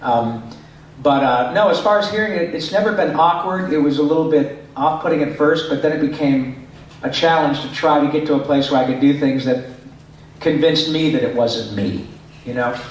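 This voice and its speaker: A man's voice: fairly high pitch, normal speed. A middle-aged man, a voice actor, chatting to fans at a convention panel with plenty of fillers. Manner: chatty, rambling, with many fillers. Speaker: voice actor answering fan questions. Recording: echoey hall, distant mic.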